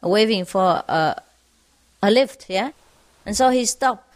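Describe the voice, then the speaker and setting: A woman's voice: mid-range voice, expressive. A woman telling humorous stories to an audience, chuckling often between them. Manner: chuckling, unhurried. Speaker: storyteller.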